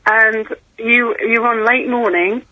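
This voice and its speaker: A woman's voice: a little high, steady tone, a little slow, no echo, highs cut off. A woman calling in to a late-night radio show, talking with the host in a chatty, confiding way. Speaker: caller. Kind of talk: phone-in call.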